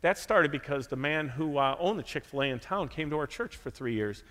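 A man preaching a sermon from a church sanctuary, animated and lively, acting out the quotes he tells. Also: fairly quick. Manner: animated, acts out quotes with big pitch jumps. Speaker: pastor. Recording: reverberant church hall.

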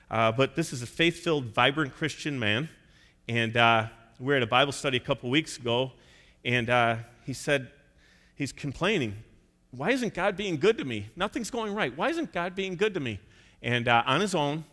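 A man's voice: mid-range voice, pushed and bright, big-room sound. A man preaching a sermon, telling stories and acting out the voices of the people in them. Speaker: pastor.

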